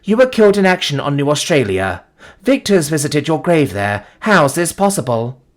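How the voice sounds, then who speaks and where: A man's voice: medium pitch, very animated, moderate pace. A man voicing an ancient female android caretaker who speaks in a formal, precise way. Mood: demanding. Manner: formal, clipped.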